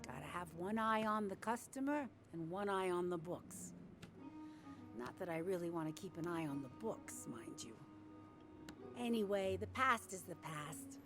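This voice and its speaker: A woman's voice: fairly low pitch, lively intonation, moderate pace, over music, lightly acted. A woman playing a chatty older small-town cafe owner in a video game, sweet and gossipy, calling everyone dear. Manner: gossipy, sweet, calls people dear and hun.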